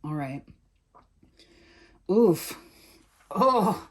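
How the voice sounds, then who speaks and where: A woman's voice: on the low side, lively intonation, very slow. A woman doing a casual tarot reading, chatting and thinking aloud as she turns and reads the cards. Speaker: tarot reader.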